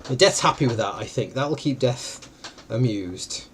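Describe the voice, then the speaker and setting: A man's voice: unhurried, a little hiss or hum. A man co-hosting a livestream, explaining a board game in a playful, jokey way. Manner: chatty, jokey, lively pitch swings. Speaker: co-host running a game.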